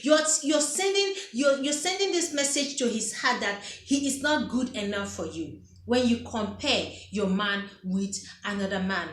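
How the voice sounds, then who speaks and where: A woman's voice: a little high, animated, a little slow. A woman giving relationship advice to camera in a casual, emphatic way, often repeating her phrases. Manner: emphatic, repeats phrases, acts out quoted dialogue. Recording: echoey room.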